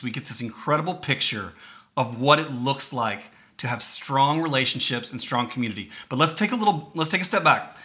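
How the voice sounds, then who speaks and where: A man's voice: medium pitch, sharp tone. A man preaching a sermon to his church, earnest and emphatic, reading scripture and asking the congregation questions. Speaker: pastor.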